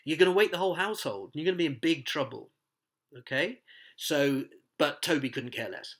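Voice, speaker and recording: A man's voice: on the high side, animated, brisk, a bit bright. A man teaching a play, explaining it line by line in a chatty way, with asides and quoted lines read aloud. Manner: reads quoted lines aloud in voices and sings snatches. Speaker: literature teacher.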